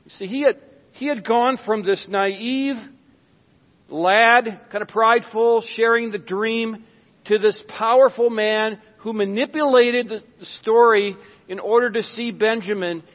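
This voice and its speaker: A man with a high voice preaches slowly and deliberately, letting his words stretch out. His delivery turns dramatic, sinking to a hush and then rising again as he acts out Bible scenes. The sound is dull and lo-fi, with a long reverb tail from a large church hall. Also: steady tone. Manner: dramatic, with sudden hushed drops and acted-out quotes. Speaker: pastor. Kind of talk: sermon.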